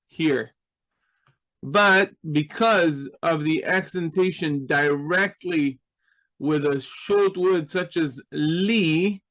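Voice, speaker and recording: A man's voice: fairly high pitch, a bit bright, rough recording. A man teaching a Hebrew grammar class, explaining patiently and checking in with his students.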